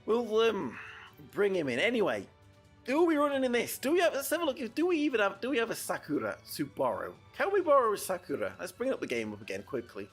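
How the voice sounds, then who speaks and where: VTuber man, high husky voice, loose rambling game commentary. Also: wildly swooping pitch, fast talker, soft background music. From United Kingdom. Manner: rambling, chatty, with frequent restarts. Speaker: VTuber streamer. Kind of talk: casual gameplay commentary.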